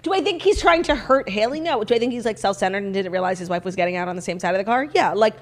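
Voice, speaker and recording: A woman co-hosting a casual gossip podcast, talking in quick, opinionated rants full of "like" fillers. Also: mid-range voice, expressive. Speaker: podcast co-host.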